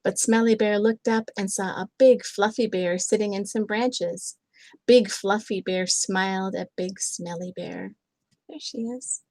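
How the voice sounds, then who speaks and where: An older woman reading a picture book aloud to her grandchildren, gentle and chatty, with lots of little asides. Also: medium pitch, no room sound, rough recording.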